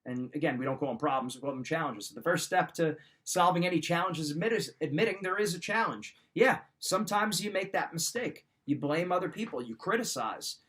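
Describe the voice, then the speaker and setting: A man's voice: fairly high pitch, lively intonation, fairly quick, few pauses, a bit bright. A middle-aged man coaching listeners in an emphatic, direct motivational talk. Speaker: wrestling mindset coach.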